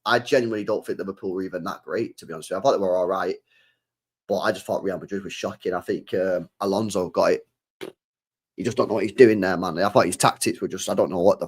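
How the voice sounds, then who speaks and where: A young man with a low, husky voice hosts a football channel, chatting casually on a livestream as he reads super chats. He often repeats phrases and tacks "mate" and "bro" onto the ends of lines.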